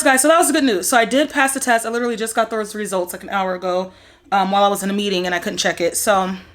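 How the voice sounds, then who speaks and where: Young woman vlogger, slightly high voice, rambling casual chat full of fillers, recorded at home. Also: a bit bright. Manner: chatty, rambling, lots of likes and ums. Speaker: vlogger sharing pregnancy updates. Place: at home in her bedroom.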